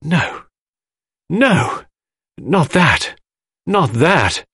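A man voicing a frightened, distraught young woman with a high, pleading delivery in an audiobook. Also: expressive, normal speed, breathy edge, no room sound, studio quality, full character voice.

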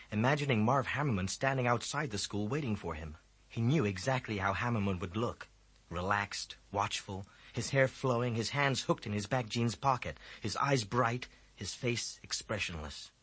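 A man with a husky voice narrating a children's book aloud, reading expressively. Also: fairly low pitch, a bit bright, no room sound. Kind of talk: audiobook narration.

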